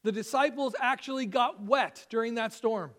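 A man preaching a Sunday sermon as pastor, earnest and emphatic, slowing down to stress key phrases. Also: very high-pitched, a bit bright.

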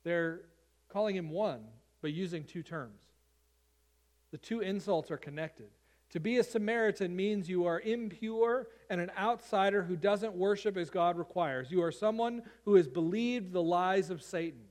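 Man preaching, high voice, earnest, emphatic, repeats his points. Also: moderate pace, a little mellow. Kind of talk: sermon, Bible reading and teaching.

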